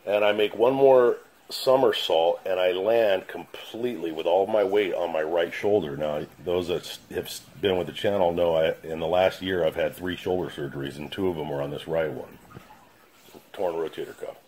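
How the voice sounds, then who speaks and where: A man's voice: sits low, normal speed, darkish tone, a little hiss or hum, low-quality recording. A middle-aged man telling a dramatic personal story to his channel in a blunt, profane, casual way. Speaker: channel host. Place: his house basement.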